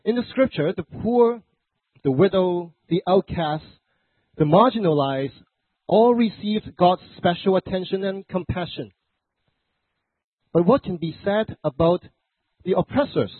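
A man's voice: high voice, slightly rough, dry recording. A man pastor preaching a conversational sermon with a stuffy, congested voice from the flu, with joking asides and self-corrections. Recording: dry, phone-like narrow sound.

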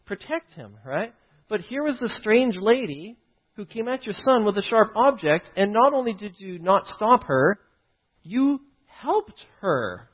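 A man's voice: sits high, slightly rough. A man teaching through a personal story, often stopping to check in with "right?" and "okay?". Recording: tinny phone-like line.

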